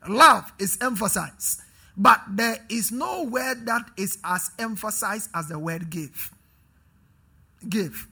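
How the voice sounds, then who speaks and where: A man preaching a sermon in a church service, leading call-and-response with the congregation and building up to emphatic shouts. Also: high voice, gravelly, slightly rough. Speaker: pastor.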